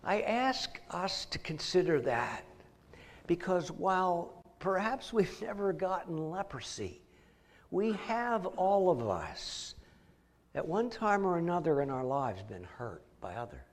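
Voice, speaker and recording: A man's voice: sits high, very animated, slow pace, slight background noise. A middle-aged man preaching a sermon, telling a story vividly with frequent word repeats. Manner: vivid storytelling, repeats words, acts out voices.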